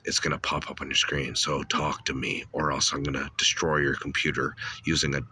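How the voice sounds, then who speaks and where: A man putting on a deep, ominous voice as a hacker taunting a victim over a voice message. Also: flat delivery, fairly quick, bright, forceful tone, a little hiss or hum, full character voice. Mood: menacing.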